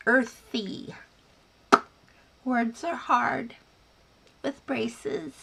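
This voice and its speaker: A woman's voice: high voice, slow pace, a bit bright, a little hiss or hum. A woman hosting a casual yarn livestream, chatting with viewers, reading their comments aloud and calling them dear and sweetheart. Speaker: yarn crafting livestream host.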